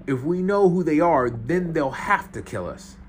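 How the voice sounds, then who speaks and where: A meek young woman captive who stubbornly defends herself in a raised, softened voice, as a man puts her on. She sounds cornered but insistent, from a spoken storybook. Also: a little high, animated, a little slow, slight background noise, voice pushed up. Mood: defensive.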